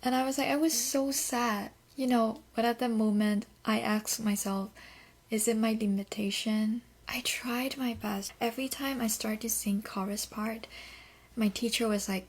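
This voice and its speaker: A young woman from Korea with a Korean accent, talking candidly in a soft, half-whispered way on her English-learning podcast, with small grammar slips. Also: a little high, fairly even intonation, moderate pace. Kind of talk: casual personal monologue.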